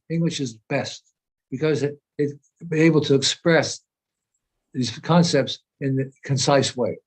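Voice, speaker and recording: Man with a higher-than-usual voice, a spiritual teacher explaining earnestly in an informal meeting. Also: a little mellow. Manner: earnest, explanatory, repeats phrases while searching for words.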